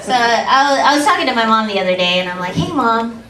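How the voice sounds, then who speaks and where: Bawdy stand-up comic, woman, high squeaky voice, recorded from afar in an echoey club with a laughing crowd. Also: animated, fast talker, recorded from a distance, noisy background. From Philippines. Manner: bawdy, playful, crowd-teasing. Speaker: stand-up comedian. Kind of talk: stand-up comedy set. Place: comedy club stage, large room.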